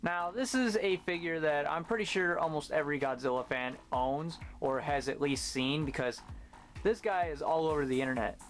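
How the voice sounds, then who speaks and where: A man's voice: fairly high pitch, moderate pace, faint music behind. Talkative man rambling through a toy review. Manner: talkative, rambling, sarcastic asides. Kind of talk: casual review vlog.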